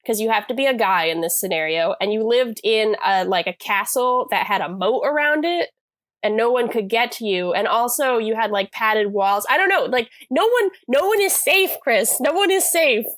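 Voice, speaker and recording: A woman co-hosts a podcast and recaps a TV episode in a loose, rambling chat, with frequent fillers and restarts. Her voice sits fairly high. The recording is dry and close, with little room sound. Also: normal speed, a bit bright, no room sound. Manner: chatty, rambling, lots of fillers and self-corrections. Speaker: podcast co-host.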